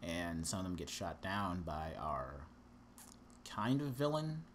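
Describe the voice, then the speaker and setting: Here a young male podcast co-host slowly walks through a film's plot in a low, sing-song voice, with a little hiss or hum behind him. He's sarcastic and meandering, with lots of fillers.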